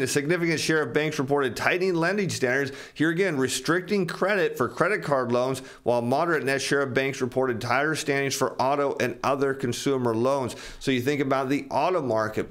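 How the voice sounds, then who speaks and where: A man in an everyday middle pitch talks through financial charts in a casual commentary style. He explains each point plainly to viewers he calls his friends. Now and then he slips into quoted asides, voicing what bankers or borrowers might say. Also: fairly quick, hardly any pauses, a bit bright.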